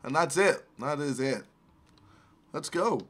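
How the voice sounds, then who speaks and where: A young British man commentating on a video game, crude, loud and laughing, with sudden shouted outbursts. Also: a little high, expressive, takes it slowly, a little hiss or hum, low-quality recording. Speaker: gaming YouTuber. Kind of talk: gameplay commentary.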